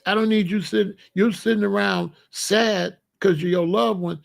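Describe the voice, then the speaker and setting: A middle-aged man talking casually and giving life advice, animated and conversational, with frequent restarts. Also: high voice, moderate pace, gravelly. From Chicago area. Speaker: vegan lifestyle host.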